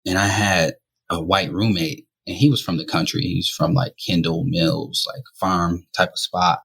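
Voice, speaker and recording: Low husky-voiced man telling stories. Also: moderate pace. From Rochester, New York, US. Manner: relaxed, conversational, often says "you know". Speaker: podcast guest. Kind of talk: candid storytelling.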